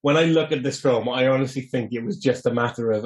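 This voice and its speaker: A man's voice: medium pitch, fast talker. A man co-hosting a podcast, casually explaining a film's plot and trivia in a matter-of-fact way. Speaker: podcast co-host. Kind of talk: casual film discussion.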